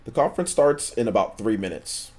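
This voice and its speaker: Low-pitched male stream host, relaxed and slangy, loops back on his words. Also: a little fast. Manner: laid-back, slangy, repeats himself. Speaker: livestream host. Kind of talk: casual livestream chat, reading chat messages.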